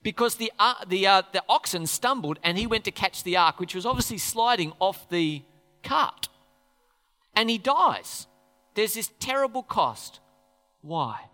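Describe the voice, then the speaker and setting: A man's voice: high-pitched, animated, a little slow, sharp tone. A man preaching a sermon in a church hall, talking conversationally and posing questions to the congregation. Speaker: pastor. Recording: echoey hall reverb.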